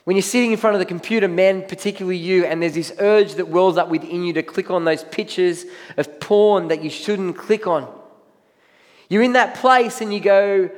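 Preaching a sermon in a church hall, a pastor talks conversationally and acts out the things people say to themselves. His voice is high and moderately paced, with a big-room sound.

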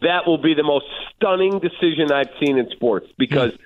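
A man's voice: on the high side, normal speed. A man calling in as a guest on a sports radio show, giving emphatic opinions. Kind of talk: phone-in sports talk. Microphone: phone. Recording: phone line.

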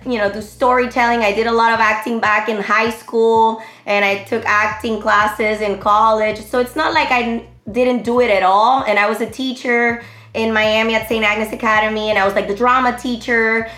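Woman in her 30s chatting in an interview, rambly with lots of likes, kinda high voice, echoey room. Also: moderate pace. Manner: animated, rambling, many fillers. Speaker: interview guest, online comedy creator. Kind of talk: casual interview chat. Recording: roomy echo.

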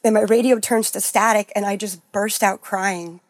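A woman sharing a personal story in a candid, halting way, full of "like" and restarts, her voice sinking low at the sad parts. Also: fairly even intonation, dry recording, clean studio sound. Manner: halting, full of "like" and restarts, softening to near-whispers at sad moments.

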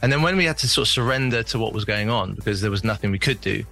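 Brief: quick, bright-toned man, low-ish voice, musing guest in a radio chat, faint music under. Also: expressive, vocal fry. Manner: rambling, reflective, many restarts. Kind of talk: casual interview chat.

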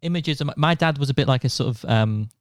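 A man co-hosting a casual podcast chat, wry and quick to laugh at himself. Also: medium pitch, no echo, clean studio sound. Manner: wry, chuckling, easily amused. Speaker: podcast co-host.

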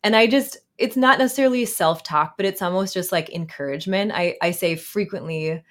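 Brief: woman in her 30s, therapist guest, lowish voice, thoughtful and unhurried, lots of "um"s. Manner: warm, reflective, with frequent fillers and soft laughs. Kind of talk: casual interview conversation.

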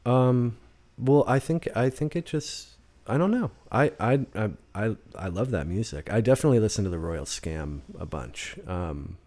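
A man's voice: fairly low pitch, animated, normal speed, hardly any pauses, a little mellow. A man guest on a podcast, talking casually about his songwriting with frequent restarts and acted-out quotes. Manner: rambling, restarts often, acts out quotes. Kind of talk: casual conversation. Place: in-person podcast studio.

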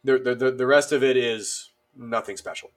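An army veteran guest in his thirties, medium-pitched and speaking at normal speed, relates stories in a casual way. He brings the dialogue to life animatedly, though his speech is thick with fillers.

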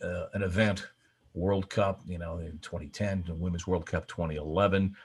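An older man, a veteran sports broadcaster, appears as a guest on a casual podcast and tells stories. His voice is low-pitched and husky at normal speed, and he's animated, often restarting and bursting into emphasis.

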